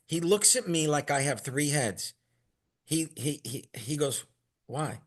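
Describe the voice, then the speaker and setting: A man with a voice pitched a little above the usual tells a story casually. He rambles and stays animated, acting out the other people in his story. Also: a little slow. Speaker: product maker telling stories as a guest.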